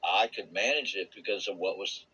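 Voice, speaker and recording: A man giving a rambling, earnest personal testimony about a spiritual experience. He searches for words and laughs softly now and then. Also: low voice, moderate pace, breathy edge, muffled recording. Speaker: vlogger sharing a spiritual experience.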